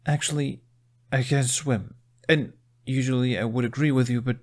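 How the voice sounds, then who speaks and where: A man's voice: mid-range voice, steady tone, normal speed, voice pushed up, lightly acted. A man doing Jack, a nervous stuttering young man. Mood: nervous hesitant. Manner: hesitant, stuttering. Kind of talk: fan audiobook character reading.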